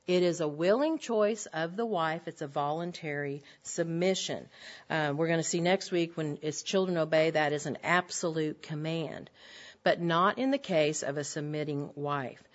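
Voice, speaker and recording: Speaking a little slowly at a fairly low pitch, a middle-aged woman teaches a women's Bible class in an earnest, emphatic church lecture where she repeats key phrases. It's captured on a dull, lo-fi lecture recording.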